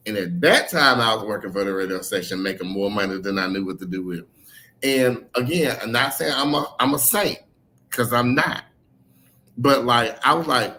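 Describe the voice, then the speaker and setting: A man's voice: on the low side, moderate pace, a little hiss or hum. A middle-aged man, an author being interviewed, telling personal stories frankly and acting out other people's words as he goes. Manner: frank and animated, acts out others' words, swears casually, laughs. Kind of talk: candid conversational storytelling.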